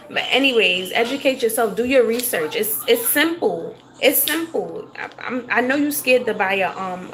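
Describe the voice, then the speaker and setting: A woman's voice: mid-range voice, noisy background. A woman livestreaming, ranting to her chat in a blunt, profane way and laughing often. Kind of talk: casual livestream rant to chat.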